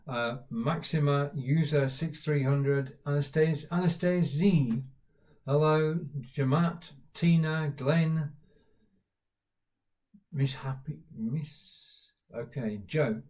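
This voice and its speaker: Host, male, British accent, casual rambling live-stream chat, fillers, medium pitch. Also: a little mellow. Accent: British English. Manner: chatty, greets viewers by name, lots of uh fillers. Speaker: livestream host.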